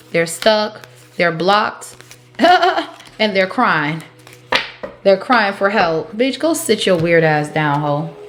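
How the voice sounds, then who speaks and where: A woman giving a collective tarot reading, blunt and profane, laughing often as she calls out the cards. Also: mid-range voice. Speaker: tarot reader. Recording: roomy echo with faint music.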